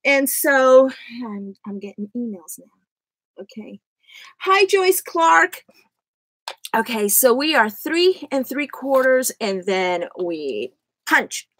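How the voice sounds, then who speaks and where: Woman host, live craft demo; bright high voice with a lot of swing, unhurried pace, giggly and self-mocking, close desk mic. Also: sing-song, no room sound. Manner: chatty, laughs often at herself. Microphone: USB desk microphone.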